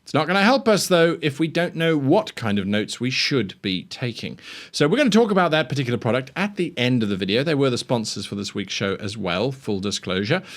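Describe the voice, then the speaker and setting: A man's voice: medium pitch, very animated, fairly quick. A man hosting a show, giving tabletop game master advice in a chatty, self-deprecating way. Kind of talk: casual instructional talk.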